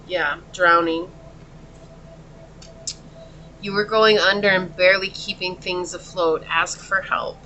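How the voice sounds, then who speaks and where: Bright-voiced woman giving a consoling tarot reading. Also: fairly low pitch, slight background noise. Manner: earnest, consoling, speaks straight to the viewer. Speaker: tarot reader. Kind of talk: pick-a-card tarot reading.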